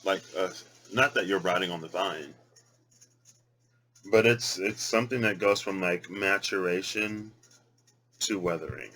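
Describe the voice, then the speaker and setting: A man's voice: deep voice, a little slow, long pauses, bright, forceful tone, rough recording. A man thinking aloud as he pulls and reads cards, muttering and repeating words as he tries pronunciations. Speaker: tarot and rune reader. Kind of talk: casual reading vlog, thinking aloud.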